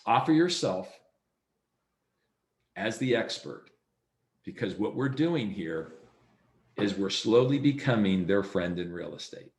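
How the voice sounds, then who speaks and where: Man, sales trainer, somewhat low voice, video-call presentation, acts out dialogue, echoey room. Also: animated, slow, long pauses, a little mellow. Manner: acts out dialogue in his stories. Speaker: real estate sales trainer. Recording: roomy echo.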